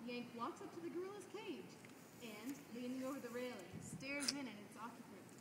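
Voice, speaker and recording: A woman with a high voice reads the stage directions in a measured, descriptive way. She sits away from the mic in an echoey room, with a long reverb trailing off her words. Loud noise runs underneath. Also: expressive. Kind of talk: reading stage directions in a play reading. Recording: distant, roomy, noisy recording.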